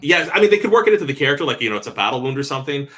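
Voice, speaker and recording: Excited man hosting a movie panel. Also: medium pitch, very fast. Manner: enthusiastic, animated storyteller. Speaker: panel host. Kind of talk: casual panel chat.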